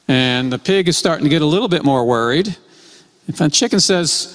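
A man preaching a sermon in a measured way, repeating his key phrases. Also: a little high, expressive, fairly bright tone. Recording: long hall reverb.

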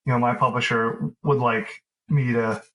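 A man being interviewed as an author, talking in a relaxed, rambling way with lots of fillers and restarts. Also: medium pitch, normal speed, rough recording. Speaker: author guest. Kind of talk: casual interview conversation.

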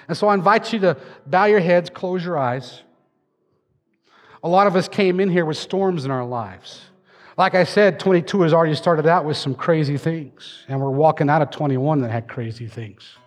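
A man's voice: a little high, moderate pace, faint music behind. A man preaching a sermon from a church stage, telling a story with dramatic flair. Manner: dramatic storytelling, acting out voices. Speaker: pastor. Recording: long hall reverb.

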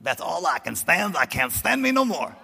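A man doing Popeye's gruff sailor mutter. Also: fairly high pitch, very animated, moderate pace, pushed and bright, long reverb tail, heavily acted. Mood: fed up. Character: gruff sailor man, cartoon hero, grumbling.

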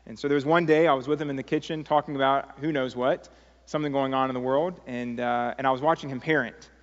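A man preaching to his congregation in an earnest, pleading way, with stray fillers when he tells a story. His voice sits at an ordinary pitch and rings out with a long reverb in the church sanctuary. The recording sounds a little muffled. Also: fairly even intonation, fast talker. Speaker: pastor. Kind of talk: sermon.

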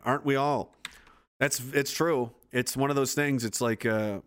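A man's voice: medium pitch, steady tone, a little slow, a bit bright, clean tone. A man from East Coast Canada hosting a livestream, reading out chat comments in a blunt, profane, rambling way.

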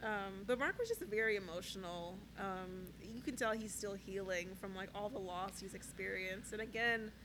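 Chatty and quick to laugh, this podcast co-host is a woman going over a reality show, her speech peppered with "like" and "um." She speaks in a mid-range voice at normal speed with few pauses, over some background noise.

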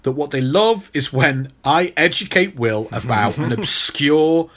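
A young British man co-hosting a podcast, talking in a playful, animated and mock-stern way. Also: fairly high pitch, unhurried. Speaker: podcast co-host. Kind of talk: casual podcast chat.

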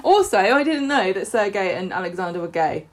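A woman's voice: medium pitch, big pitch swings. A woman co-hosting a podcast, chatting casually and joking wryly while recapping a soap opera. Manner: chatty, wry, quick to joke. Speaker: podcast co-host.

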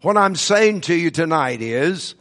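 Slow, deliberate preacher man in a reverberant hall. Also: a little high, lively intonation, a bit bright. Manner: slow, deliberate teaching with emphasized words. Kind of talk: sermon.

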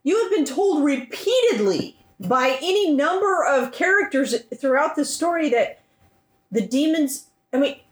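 Exasperated woman with a high voice. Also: sing-song, a little slow, echoey room. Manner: emphatic, exasperated, swears freely. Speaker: book club member. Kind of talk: casual chat.

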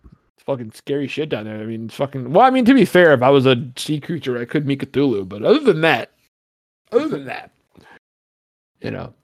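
A man's voice: medium pitch, wildly swooping pitch, a little fast, no room sound, studio quality. A man hosting a podcast, chatting casually in a rambling, joking way and swearing often. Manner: rambling, swears a lot, jokey asides. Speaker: podcast host.

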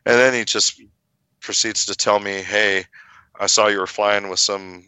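A middle-aged man telling a long story in casual chat, animated, acting out the people he quotes and swearing freely. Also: fairly low pitch, a little slow, clear, resonant tone, no room sound. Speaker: guest telling his story.

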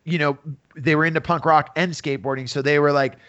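Rambling man, slightly high voice, lo-fi. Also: steady tone, fast talker, a bit bright. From San Francisco Bay Area. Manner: rambling, full of fillers, acts out quotes. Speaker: guest. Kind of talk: casual storytelling interview. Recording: dull lo-fi audio.

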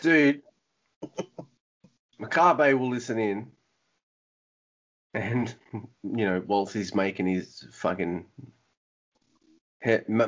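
A man's voice: medium pitch, a bit bright. A man co-hosting a podcast in casual chat, rambling and breaking off his own sentences. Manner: rambling, self-interrupting and casual. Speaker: podcast co-host. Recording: dull lo-fi audio.

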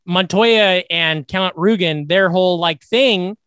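A young man co-hosting a casual movie podcast, animated and quoting lines in put-on voices. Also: sits high, slow, clean tone, no echo. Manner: animated, acts out movie quotes in funny voices. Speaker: podcast co-host.

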